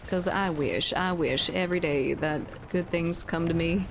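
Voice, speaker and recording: A woman's voice: on the low side, unhurried, few pauses, noisy background. A woman streamer chatting casually with viewers while gaming, laughing often and swearing freely.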